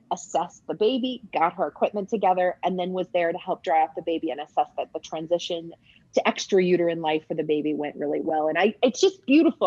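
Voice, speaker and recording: A woman midwife talks through a birth video with eager, explaining commentary, pausing often on little ums. Her voice is husky and a touch breathy, close and dry, with a slightly dull, lo-fi sound. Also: on the low side, no room sound. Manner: warm enthusiastic explaining with many ums.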